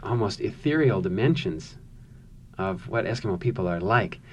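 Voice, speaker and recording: A man, an author, speaking thoughtfully about his writing and reading his own novel aloud in a measured way. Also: lowish voice, expressive, a little mellow, slight background noise.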